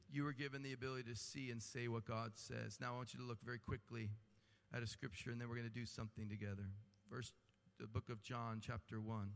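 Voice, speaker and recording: A man's voice: medium pitch, creaky. A man preaching a sermon with impassioned delivery and humorous asides, rising and falling in intensity. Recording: long hall reverb.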